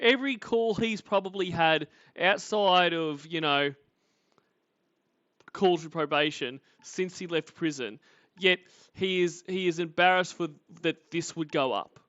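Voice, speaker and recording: Aussie guy hosting a stream, kinda high voice, rambling and mocking, dry muffled sound. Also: sharp tone, no room sound. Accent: Australian. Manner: rambling, mocking, swears freely. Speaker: livestream host. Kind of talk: casual commentary. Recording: dry, slightly muffled audio.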